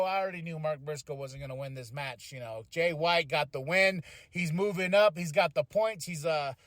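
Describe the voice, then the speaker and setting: A man hosting a podcast, reviewing a wrestling show in an excitable, profane, casual way and acting out voices. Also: high-pitched, dry recording, clean studio sound. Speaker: podcast host.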